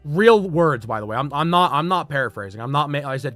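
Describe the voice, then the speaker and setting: A male streamer tells a workplace story in a casual, cursing way, with a fairly high voice that swoops up and down constantly. He jumps between loud outbursts and low asides. Faint music plays behind him. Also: fairly quick, hardly any pauses. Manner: profane, animated, swings between loud and muttered.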